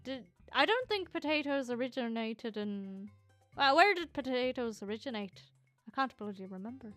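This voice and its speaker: A Scottish woman streamer chatting casually and reading viewer comments, excitable and teasing, swearing freely. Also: fairly high pitch, no room sound.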